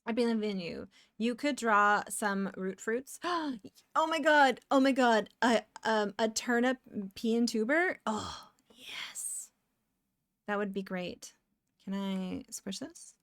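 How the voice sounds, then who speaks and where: A woman's voice: medium pitch, takes it slowly, no echo. Chatty woman streamer, dry close mic. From Canada. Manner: chatty, distracted, bursts of excited exclamations. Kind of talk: casual live-stream chat while drawing.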